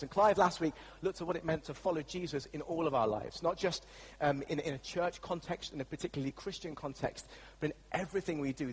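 A man's voice: fairly high pitch, slightly rough, big-room sound, low-quality recording. An English man preaching a sermon as the church pastor, telling a story in a chatty, anecdotal way with frequent fillers. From England.

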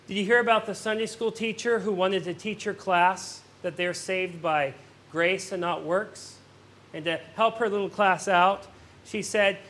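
Delivering a sermon at normal speed, this pastor has a high voice and an earnest manner. His emphatic questions build in volume while somber moments go quiet, and he frequently restarts phrases by repeating words.

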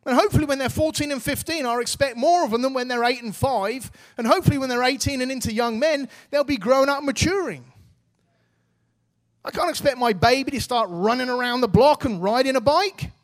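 A man's voice: extremely high pitch, a little fast. A man in his thirties preaching a sermon, earnest and exhorting, with casual, everyday phrasing.

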